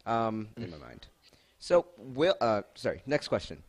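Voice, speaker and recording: Man, low voice, casual stream host, rambling with lots of fillers. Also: very animated, a little slow, slight background noise. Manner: rambling, filler-heavy, laughs a lot. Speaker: stream host asking questions.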